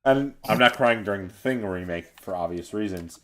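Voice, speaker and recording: A man's voice: on the low side, moderate pace. A man streaming a game and chatting casually with friends, telling stories with lots of energy and laughter. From United States. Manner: animated, laughing storyteller.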